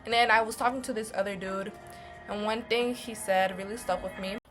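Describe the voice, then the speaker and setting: A young woman talks straight to camera in a casual storytime vlog, blunt and full of slang and cursing. Her voice sits at a middle pitch for a woman. Faint music plays under her. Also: fairly quick. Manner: blunt, swears heavily, slangy and animated. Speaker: vlogger.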